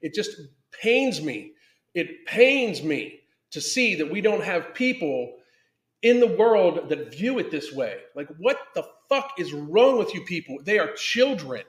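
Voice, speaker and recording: A man's voice: high voice, sing-song, unhurried, reverberant. Profane, angry man ranting on a podcast. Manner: swears constantly, angry and emphatic, reads chat comments aloud. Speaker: podcast host reacting to a video and live chat. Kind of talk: profane live-stream rant.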